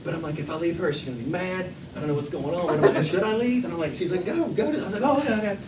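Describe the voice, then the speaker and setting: A man telling a comedic true story to a live audience at an improv show, animated and swearing freely. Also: a little high, rapid-fire, over a noisy crowd. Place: theater stage with live audience. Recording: echoey room, mic from a distance, loud audience laughter.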